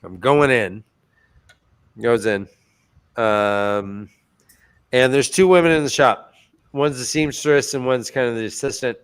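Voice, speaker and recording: A man's voice: mid-range voice, a little slow, long pauses, clear, resonant tone. A man co-hosting a podcast, casually recapping book chapters in loose, profane chat.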